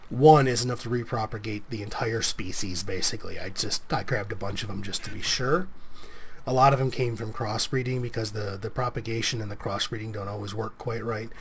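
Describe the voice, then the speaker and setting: A man's voice: lowish voice, fairly even intonation, a little fast, slight background noise. Sniffly man rambling through gameplay. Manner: rambling, self-correcting, chatty. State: sniffly with a cold coming on. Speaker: let's play host. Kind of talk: casual gameplay commentary.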